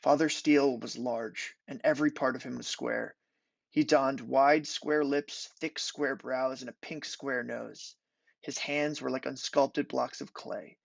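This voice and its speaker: A young man reading aloud from his own literary prose thesis at a measured, deliberate pace. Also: medium pitch, steady tone, gravelly, dry recording. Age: young adult. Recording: dull lo-fi recording.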